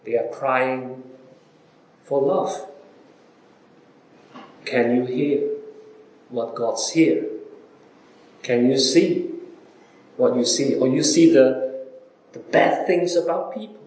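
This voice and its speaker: Slow-speaking preacher man, echoey room. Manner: repeated rhetorical questions to listeners, wide dramatic swings in pitch and loudness. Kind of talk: sermon.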